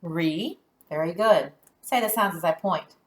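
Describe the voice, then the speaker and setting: A woman teaching phonics to young children pronounces each letter and syllable deliberately and praises the answers they give. Her pitch is on the low side.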